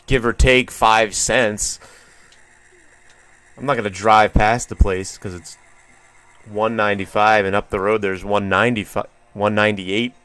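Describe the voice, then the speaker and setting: A man streams a video game, chatting with viewers in a rambling, wry way and swearing casually. His voice is lowish with a fairly bright tone, and there's no room sound.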